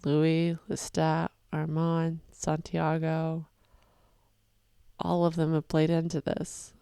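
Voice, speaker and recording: Woman reaction host, crisp voice, dry sound, talks through her feelings loosely. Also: sits low, slow, no room sound. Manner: expressive and swearing, rambling. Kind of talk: casual emotional reaction commentary.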